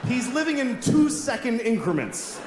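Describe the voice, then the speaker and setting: An exasperated middle-aged comedian working through a stand-up routine, his fairly high voice leaping all over the place. He is heard live on a handheld mic in an echoing venue, with steady room noise behind him. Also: moderate pace. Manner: exasperated, acts out voices in wild jumps. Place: comedy stage in a large venue with audience.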